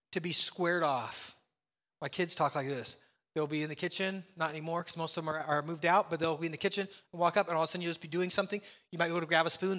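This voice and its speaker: A middle-aged man preaching a sermon as pastor, animated and acting out bits of dialogue. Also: high voice, in a large hall.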